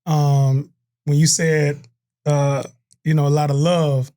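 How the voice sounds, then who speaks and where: Laid-back, fairly high-voiced co-host man. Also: little pitch movement, takes it slowly, dark tone. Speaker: podcast co-host. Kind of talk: casual podcast banter.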